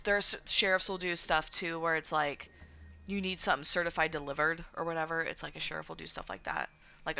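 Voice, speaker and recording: Woman, game streamer, casual profane rant, lowish voice, dull lo-fi recording. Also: bright, forceful tone. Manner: profane, ranting, filler-heavy. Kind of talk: casual chat while gaming.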